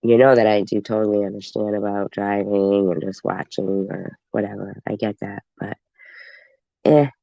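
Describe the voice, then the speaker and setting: A man's voice: on the low side, flat delivery, normal speed, gravelly, warm tone, dry recording. A congested man, hosting a livestream and rambling casually to his viewers. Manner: rambling, talks straight to viewers. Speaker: livestream host. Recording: dull lo-fi stream audio.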